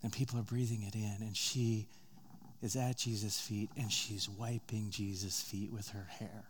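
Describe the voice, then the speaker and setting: A man's voice: little pitch movement, a little hiss or hum. Man preaching a storytelling sermon. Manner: storytelling, rising in pitch and volume at dramatic moments, dropping soft and slow.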